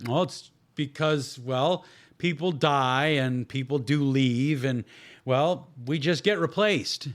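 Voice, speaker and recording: A man's voice: medium pitch, slow. A man hosting a solo podcast, talking bluntly with heavy swearing and sarcasm. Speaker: podcast host.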